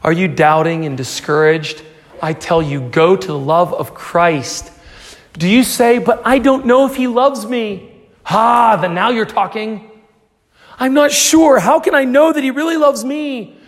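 A man preaches in a high, lifted voice. He presses hard on some lines and drops to a near hush on others. The sound trails off in the long reverb of a large hall. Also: a little slow. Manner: earnest preaching, swings from loud pleas to hushed prayer. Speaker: pastor. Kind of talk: sermon.

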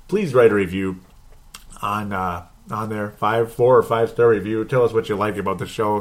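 A man with a lowish voice hosts a casual solo podcast. He rambles in a chatty, easygoing way, full of ums and restarts. He reads out listener comments as he goes. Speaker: podcast host.

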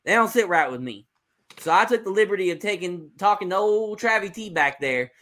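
A man's voice: sits high, lively intonation, a little fast, fairly bright tone, pitched above the performer's own voice. A man doing a brash redneck wrestler drawl. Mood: cocky taunting. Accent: put-on Southern US drawl. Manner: boastful trash talk, rising to whiny outrage. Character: brash redneck male wrestler, boastful and whiny.

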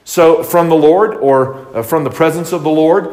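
A man's voice: fairly high pitch, normal speed, darkish tone. A man teaching a Bible study in a loose, conversational way, with many fillers and restarts, recorded in a church hall. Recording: long reverb of a hall.

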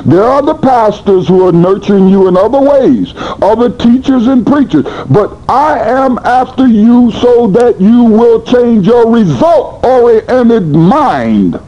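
A man preaching a sermon in a blunt, colloquial manner, swinging between high and low in animated bursts. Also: a little slow, few pauses, muffled recording. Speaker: pastor.

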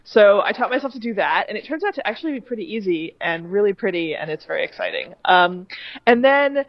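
An enthusiastic woman talking on a podcast, quick to laugh. She sounds close and dry, with a slightly dull, muffled sound. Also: medium pitch, animated, no echo. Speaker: podcast guest. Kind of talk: casual chat.

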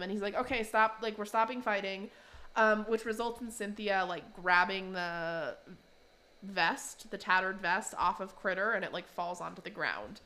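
A podcast host with a middle-pitched, slightly bright voice chats loosely through a casual recap. She laughs often, and fillers run throughout her speech.

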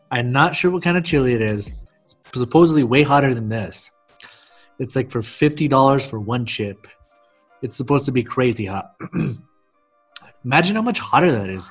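A man hosting a casual video call chat, chatty and quick to laugh. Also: mid-range voice, expressive, breathy edge, faint music behind. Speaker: host.

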